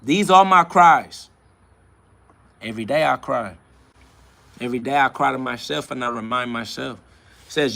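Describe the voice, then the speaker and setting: Defiant gravelly-voiced man preaching on a livestream. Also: fairly high pitch, fairly even intonation, normal speed, sharp tone. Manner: defiant, preachy, laughing often, repeating phrases. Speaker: livestream host. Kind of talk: live self-talk stream, reading and answering chat.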